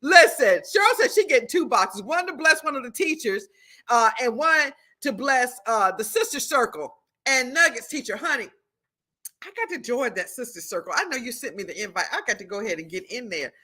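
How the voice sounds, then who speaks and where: This is a middle-aged woman hosting a live stream. Her voice sits high and bright, and it swoops a lot as she moves from teaching to greeting viewers by name. She talks in an animated, preacherly way. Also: fairly quick. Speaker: livestream host and prophetess.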